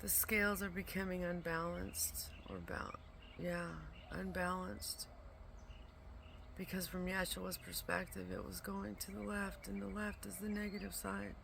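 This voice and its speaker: The speaker is a tired vlogger, exhausted from too little sleep, speaking at home near their pet dog. In a medium-pitched, level voice with vocal fry and a slightly slow pace, they ramble casually about spiritual visions, swearing often and sometimes whispering; the home recording is noisy.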